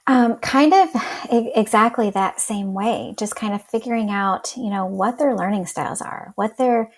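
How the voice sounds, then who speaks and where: A woman teacher talks in a casual interview, her voice gravelly with fry at mid pitch. She speaks with animation and slips into quoted classroom lines as she tells her story. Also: moderate pace.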